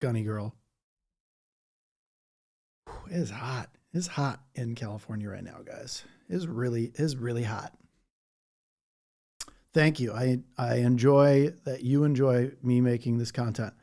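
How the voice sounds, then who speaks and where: A man with a medium-pitched, dark voice hosts a casual livestream, speaking at a measured pace with long pauses. He rambles and chats loosely, reading viewer comments aloud as he goes.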